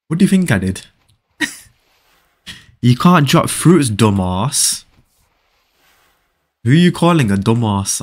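A young man, streaming a game live and reading viewer chat aloud, teasing and bantering with his audience. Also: mid-range voice. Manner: joking banter, teasing viewers, frequent laughs.

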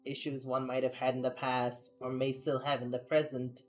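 A woman's voice: very deep voice, little pitch movement, normal speed, faint music behind. A young adult woman streaming, chatting casually and venting candidly, rambling with frequent laughs. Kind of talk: casual live-stream chat.

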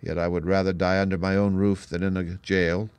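A man's voice: low voice, level tone, a little fast, darkish tone, clean tone, dry recording. A man reading as a weary, dying old man. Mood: grave. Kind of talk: audiobook reading.

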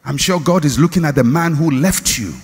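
A male pastor preaching a sermon, swinging from shouted lines to hushed, slow refrains. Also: a little high, husky. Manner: slow, drawn-out repeated refrains. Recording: long hall reverb.

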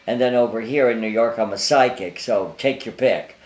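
A man's voice: mid-range voice, normal speed, a little mellow, roomy sound. An older man, a psychic guest, telling anecdotes in a rambling, casual way full of fillers and restarts, interviewed in his apartment.

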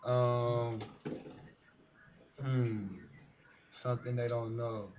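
Man, rapper guest, laid-back, slangy, joking, mid pitch, dull audio. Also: monotone, very slow, a little mellow, a little hiss or hum. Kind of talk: casual banter. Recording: dull lo-fi live stream audio.

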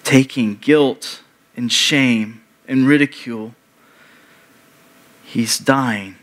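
Slow, deliberate man preaching. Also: mid-range voice, fairly bright tone. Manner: slow, deliberate retelling with repeated short phrases. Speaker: pastor. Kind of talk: sermon.

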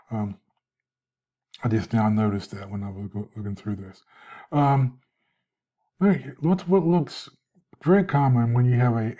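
Male instructor, sleepy and halting, lo-fi recorded video feedback. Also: on the low side, warm tone. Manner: halting, many restarts and fillers, yawning. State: sleepy, yawning. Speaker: instructor giving feedback to a student.

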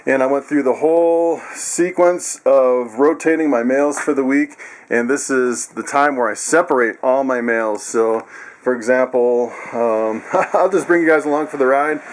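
A man casually walking viewers through his animals in a vlog, chatty and laughing often. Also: moderate pace. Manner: coos in high excited tones at pets. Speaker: vlogger.

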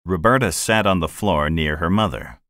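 A man reading a children's classic aloud as narrator, in a measured, expressive manner. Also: low voice, no room sound, studio quality. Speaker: audiobook narrator. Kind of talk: scripted narration.

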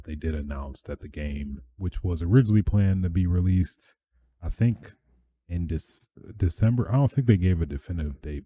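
A man hosting a casual gaming podcast, rambling with many fillers and getting excitable with swearing. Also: very deep voice. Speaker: podcast host. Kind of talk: casual solo podcast talk.

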